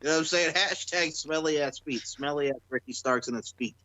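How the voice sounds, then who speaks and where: A man co-hosting a wrestling podcast, loud and joking with crude humor and frequent laughter. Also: fairly high pitch, brisk. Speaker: podcast co-host. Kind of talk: casual podcast banter.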